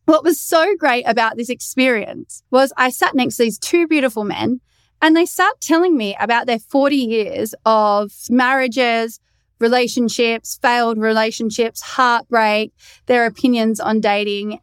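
A young Australian woman hosting a podcast and coaching, telling a story in a lively, expressive way and swearing freely. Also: a little high, clean tone, no echo, clean studio sound. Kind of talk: casual storytelling monologue.

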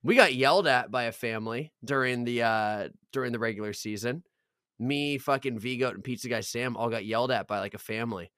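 A young man chats on a podcast in a laid-back, profane way, often tossing in "bro." His pitch is average. The mic is close and dry, with no room sound. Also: fairly quick, a bit bright, clear, resonant tone, no echo. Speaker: podcast co-host. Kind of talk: casual chat.

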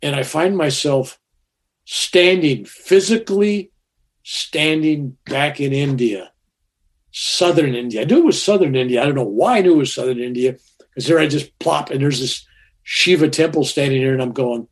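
A man's voice: on the high side, animated, moderate pace. An older man telling a personal story in a rambling, conversational way, full of fillers and restarts.

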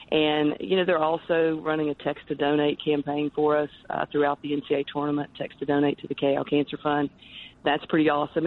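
A woman guest, a charity director, talking earnestly in a podcast interview, rambling with frequent restarts. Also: sits low. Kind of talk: podcast interview over the phone. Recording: tinny phone line.

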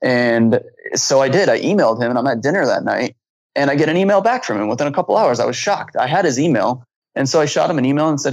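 A man with a gravelly edge to his voice speaks as a flight instructor in an interview. He tells his story in a casual, animated way, acting out what people said and often restarting or repeating words mid-sentence. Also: mid-range voice, quick pace, no room sound, poor audio.

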